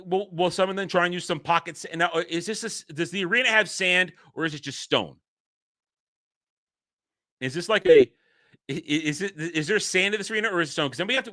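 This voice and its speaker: Male stream host, loose and rambling, self-interrupting, sharp bright tone. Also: on the high side, dry recording, studio quality. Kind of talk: casual livestream chat.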